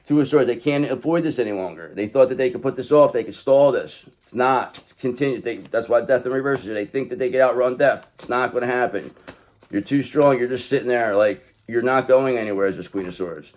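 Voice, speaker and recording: A man's voice: mid-range voice, brisk, a little mellow. Man, mid-range voice, casual tarot reader; blunt, profane, emphatic, addresses viewer directly. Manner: emphatic, talks straight to the viewer. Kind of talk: casual tarot card reading.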